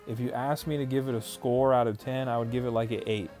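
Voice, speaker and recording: A man hosting a livestream, reading viewer messages aloud and answering them in a loose, conversational way. His voice sits at a middle pitch, and he often stops to restart a sentence or fill a pause. Soft music plays faintly behind him. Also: steady tone. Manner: reads viewer chat aloud and answers casually, many fillers and restarts. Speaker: livestream host. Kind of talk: casual livestream chat.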